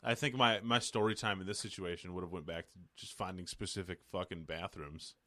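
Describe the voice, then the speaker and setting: A young man co-hosting a podcast, chatting casually and a bit haltingly. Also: sits low, fairly even intonation, bright, forceful tone, dry recording. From Massachusetts, USA. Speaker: podcast co-host. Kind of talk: casual chat.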